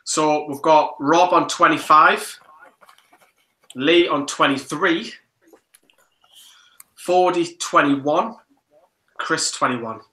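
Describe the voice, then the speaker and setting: A chatty man on a casual online quiz stream, running through viewer names and score updates. His voice is bright and forward, and it rings around a noticeably echoey room. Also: a little high, drawn-out words, pauses often. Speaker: co-host and quiz contestant. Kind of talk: casual chat. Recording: roomy echo.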